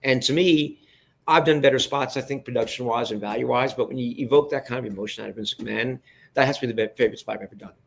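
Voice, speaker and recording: A man's voice: medium pitch, fast, creaky. Man telling a backstage story. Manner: animated anecdote-telling, with frequent restarts and addresses to the listeners. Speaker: guest, television producer. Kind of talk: storytelling in a podcast interview.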